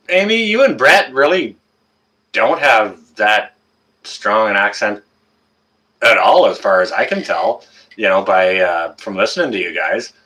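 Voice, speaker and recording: A man's voice: mid-range voice, bright, forceful tone. A man with a Canadian accent hosting a casual live-stream chat on a webcam and greeting viewers one by one by name. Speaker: livestream host.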